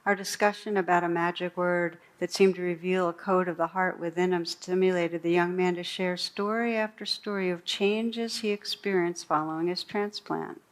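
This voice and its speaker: Soft-spoken woman reading a story slowly. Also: on the low side. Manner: slow, gentle storytelling with soft pauses. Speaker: meditation teacher. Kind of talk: dharma talk, reading a story aloud. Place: meditation hall.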